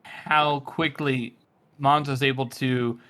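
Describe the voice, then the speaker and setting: A man's voice: mid-range voice, slow pace. A man co-hosting a book podcast, rambling animatedly with many restarts. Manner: animated, rambling, trails off mid-thought. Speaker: podcast co-host. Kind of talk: casual book discussion.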